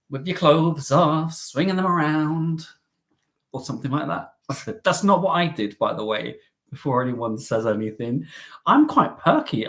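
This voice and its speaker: A man hosting a travel live stream, chatty and upbeat, with cheeky jokes and asides. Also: medium pitch.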